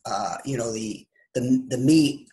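A man, a psychotherapist and interview guest, explaining his approach and pausing often to find his words. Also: medium pitch, dark tone. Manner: explanatory, pauses to search for words. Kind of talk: interview answers.

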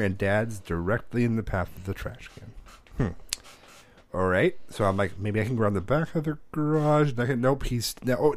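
A man in his thirties telling a story in a casual chat, animated and profane, acting out the voices of the people in it. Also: medium pitch, dry recording.

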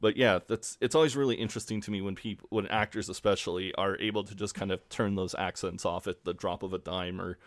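A man's voice: deep voice, fairly even intonation, a little fast, few pauses, no echo. A man co-hosting a podcast in casual chat, speaking hesitantly with many fillers. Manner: hesitant, many ums and you-knows. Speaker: podcast co-host.

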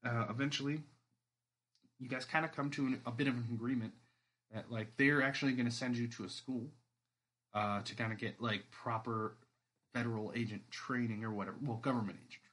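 A man serving as game master, narrating a tabletop game in a relaxed, rambling way with many fillers. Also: mid-range voice, brisk.

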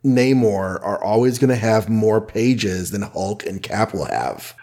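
A man co-hosting a podcast, explaining things in a measured, casual way with "um" pauses. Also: fairly low pitch, warm tone. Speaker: podcast co-host. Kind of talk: casual chat about comics.

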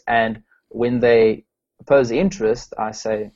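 A man's voice: medium pitch, steady tone, unhurried, darkish tone, lo-fi sound. A man from South Africa, a strengths coach, answering interview questions with many fillers and restarts.

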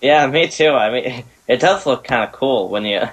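A man of middle pitch hosts a casual chat show. He reads out trivia with small stumbles and corrections, and he laughs easily between points. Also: animated, normal speed, slightly rough, poor audio. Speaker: podcast host.

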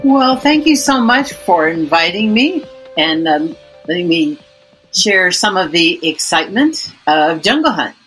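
A woman's voice: lowish voice, very animated, a little slow, fairly bright tone, soft background music, low-quality recording. A woman author being interviewed, talking in a chatty, rambling way. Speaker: author guest.

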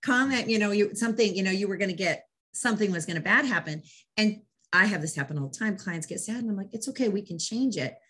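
A woman's voice: mid-range voice, fast talker. Enthusiastic woman dog trainer hosting. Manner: enthusiastic, animated storyteller. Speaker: dog trainer and interview host. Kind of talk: casual interview chat.

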